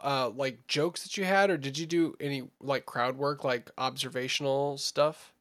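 A man co-hosting a casual podcast chat, telling stories in a rambling, animated way with frequent laughter. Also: medium pitch, moderate pace. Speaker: podcast co-host.

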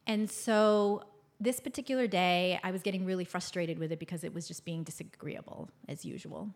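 A woman in her fifties hosting a podcast, telling a personal story with an expressive manner that swings between bright, louder moments and soft, hushed ones. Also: fairly low pitch, moderate pace. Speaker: podcast host.

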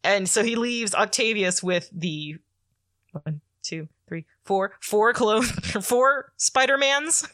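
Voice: mid-range voice, lively intonation, slow pace, bright, forceful tone, no room sound, studio quality. A podcast co-host casually recapping a comic story, rambling with lots of filler words and the odd swear.

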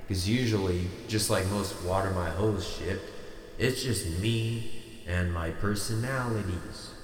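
A man's voice: low-pitched, takes it slowly, echoey room, in a large hall, slight background noise. A man hosting a podcast, freestyle rapping badly and joking in a crude, self-mocking way. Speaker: podcast host. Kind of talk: comedic freestyle rap and casual monologue.

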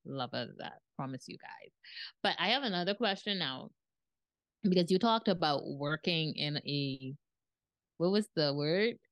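A woman hosting a faith-based podcast, speaking with lively emphasis and a preacher's rhythm. Her voice sits a little low for a woman. The sound is dry and close, with no room echo. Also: a little slow. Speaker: podcast host. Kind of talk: casual faith podcast conversation.

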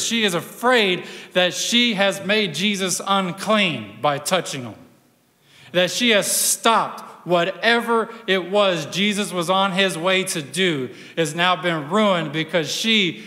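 Slow, bright male preacher in a reverberant hall. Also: high-pitched. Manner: storytelling, dramatic pauses, drops to a hush. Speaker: pastor. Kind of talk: sermon.

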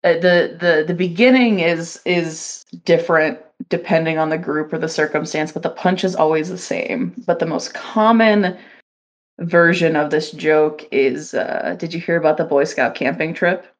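A woman's voice: deep voice, close to an everyday voice. A woman co-hosting a podcast in casual banter, giggling and hesitating with fillers. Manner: giggly, slow and drawn out, lots of fillers. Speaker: podcast co-host.

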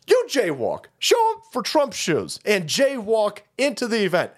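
Male streamer host, profane mocking ranter with a lively, high voice. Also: unhurried. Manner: foul-mouthed, mocking, heated ranting. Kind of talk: profane political rant on a livestream.

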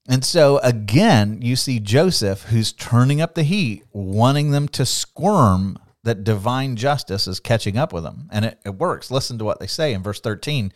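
A man co-hosting a Bible study podcast, teaching in a lively, conversational way, laughing often and acting out quotes. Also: medium pitch, normal speed, few pauses, no echo, studio quality.

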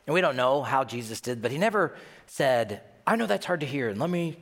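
Animated preacher in a reverberant hall. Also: male voice, brisk. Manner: animated, swings between loud emphasis and hushed low asides. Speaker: pastor. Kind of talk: sermon. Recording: long reverb of a large hall.

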